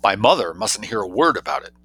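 Man doing a droll mischievous young gent in an audiobook, quick arch delivery, low-ish bright voice. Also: lively intonation, vocal fry, breathy edge, full character voice, rough recording. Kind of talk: audiobook character reading.

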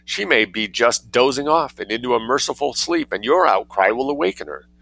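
A man voicing a calm, dryly ironic artist in a storybook reading. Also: medium pitch, brisk, gravelly, dry recording, voice pushed up. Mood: deadpan. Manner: cool, deadpan, dryly ironic. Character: unruffled dry-witted male artist.

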